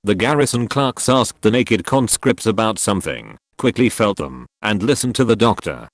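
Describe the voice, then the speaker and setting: Low male voice reading a history audiobook, solemn and measured, swings up and down a lot. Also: lively intonation, no echo, studio quality. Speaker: audiobook narrator. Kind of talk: scripted narration of a historical novel.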